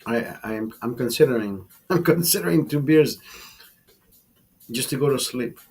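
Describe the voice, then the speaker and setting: A man's voice: mid-range voice, expressive, a little slow, gravelly, a little mellow, husky. A man hosting a casual live chat over beers, rambling and swearing freely as he tells stories. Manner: rambling, profane, calls listener brother. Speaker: livestream host.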